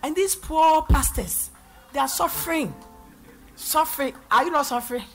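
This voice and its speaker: Lively Ghanaian woman pastor preaching. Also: sits high, moderate pace, faint music behind. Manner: animated preaching, swinging from loud to soft. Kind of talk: sermon. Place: church.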